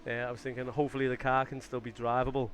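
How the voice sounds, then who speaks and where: Racing through his words in a flat, mid-range voice, a young Australian man rambles casually about a sim race on a live stream, frequently cutting himself off mid-sentence.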